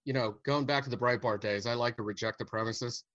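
A man's voice: medium pitch, fairly quick, fairly bright tone, dry recording, lo-fi sound. An older man from the United States, a stand-up comedian speaking bluntly and unapologetically as an interview guest, chuckling through his points. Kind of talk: casual interview chat.

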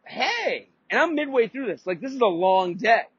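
A man's voice: sits high, animated, brisk, dull audio. A man hosting a podcast, telling a casual, rambling story full of swearing and restarts. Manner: rambling, profane, lots of restarts and fillers. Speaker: podcast host.

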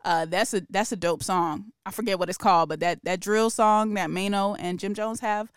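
A woman's voice: mid-range voice, fairly even intonation, smooth, no room sound, clean studio sound. A woman co-hosting a hip-hop news podcast, chatting casually with a laid-back manner and easy laughs. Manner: laid-back, laughs easily, drawn-out fillers. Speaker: podcast co-host.

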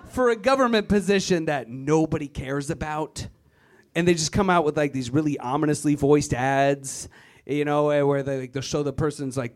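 A man from Virginia doing a stand-up comedy set on a club stage, sarcastic and mocking. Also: fairly high pitch. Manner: sarcastic, mocking, shifts into silly voices.

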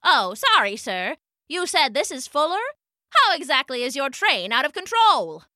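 Formal, polite dispatcher, matter-of-fact, bright high voice, read by a woman. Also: big pitch swings, moderate pace, no echo, clean studio sound, exaggerated voice. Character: polite, formal male train dispatcher on the phone.

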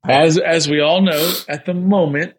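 Podcast host, male, fairly high voice, quick chatty delivery. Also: steady tone, rough recording. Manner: quick, conversational, runs the segment. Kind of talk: casual sports podcast chat.

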